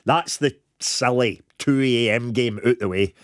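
A man's voice: mid-range voice, a bit bright, no echo, clean studio sound. A man with a Scottish accent hosting a casual football chat show, rambling and laughing easily. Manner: chatty, rambling, quick to laugh. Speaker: radio football show host.

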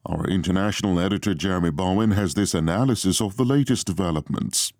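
A man with a very deep voice reading a formal radio news bulletin. His delivery is measured and authoritative, and the studio sound is close and dry. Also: darkish tone, no echo. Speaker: newsreader.

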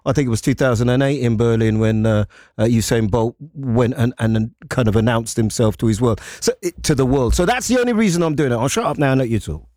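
A man hosting a live radio chat, telling stories in an animated way and repeating words as he goes. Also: mid-range voice, brisk, no echo, studio quality. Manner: animated storytelling, repeats words, interrupts himself. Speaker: radio host.

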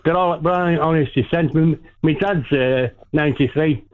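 A rambling male caller on a radio phone-in, his voice sitting a little high for a man. He loops back to the host's name again and again and leans into a put-on Cockney-style accent. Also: normal speed, phone-quality sound, slight background noise. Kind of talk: phone-in call.

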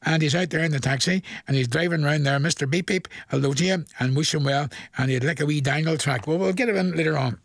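An older man with a Northern Irish accent hosts a rambling radio request show and chuckles at his own jokes. His voice sits high and carries a gravelly edge. He is close on a dry studio microphone. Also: fast talker, few pauses, no echo. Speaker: radio presenter.

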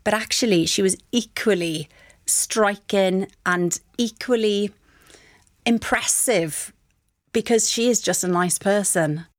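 A woman, a guest in a casual interview, telling an anecdote with animated delivery and acted-out quotes. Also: mid-range voice, slow pace, dry recording, clean studio sound. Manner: animated storytelling, acting out quotes.

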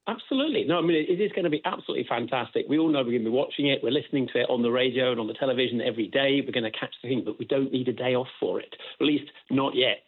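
A man's voice: mid-range voice, rapid-fire, few pauses, husky. A man calling in to a radio phone-in, chatting in a jokey way and often restarting his sentences. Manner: jokey, self-correcting. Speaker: caller. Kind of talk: phone-in chat. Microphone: telephone. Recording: phone line.

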